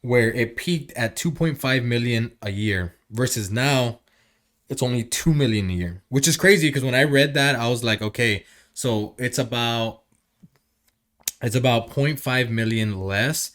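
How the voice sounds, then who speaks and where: A man's voice: medium pitch, measured pace, fairly bright tone. A man hosting a casual podcast, talking conversationally and posing rhetorical questions. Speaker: podcast host.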